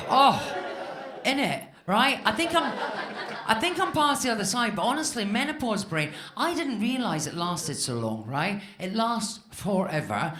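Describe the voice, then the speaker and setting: A woman in her fifties from Scotland doing a stand-up comedy set on a club stage, chatty and self-mocking, talking straight to the crowd. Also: mid-range voice. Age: 50s. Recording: live club room with echo and audience laughter. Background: audience laughter.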